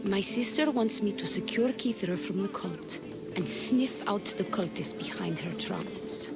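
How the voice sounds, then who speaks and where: Sultry flirty priestess, slow teasing talk, game music behind. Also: female voice, mid-range voice. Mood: earnest. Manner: sultry, teasing, slips into breathy whispers. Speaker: game character. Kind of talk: video game voice acting.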